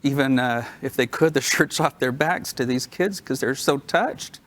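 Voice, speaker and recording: A man at a convention speaks off the cuff, his voice at an ordinary middle pitch. He is emotional and halting, leaning on ums and uhs as he gathers his thoughts. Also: fairly bright tone. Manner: emotional, halting, hesitant fillers. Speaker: creative director. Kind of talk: impromptu stage remarks. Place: convention stage.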